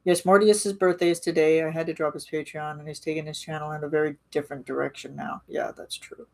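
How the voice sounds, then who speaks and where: A woman's voice: sits low, little pitch movement, fast, gravelly, a little mellow. A woman rambling casually in a live-stream chat with her viewers, full of restarts and fillers. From Canada.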